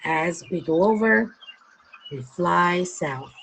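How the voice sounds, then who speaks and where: A woman narrating a fairy tale on a live stream in an earnest, unhurried way. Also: medium pitch, creaky, slightly rough, rough recording. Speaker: storyteller.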